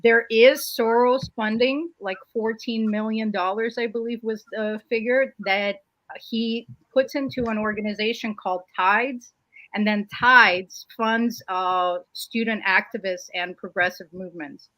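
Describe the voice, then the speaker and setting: Hesitant, bright-voiced woman co-host. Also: on the high side, fairly even intonation, a little slow, no room sound. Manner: hesitant, with many "uh" fillers and restarts. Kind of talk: livestream political commentary.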